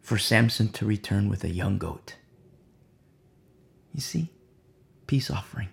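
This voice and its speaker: A man preaching a Bible sermon, repeating key phrases, asking "You see?" and swinging between loud emphasis and quiet asides. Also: fairly low pitch, expressive, unhurried, vocal fry. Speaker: Bible teacher.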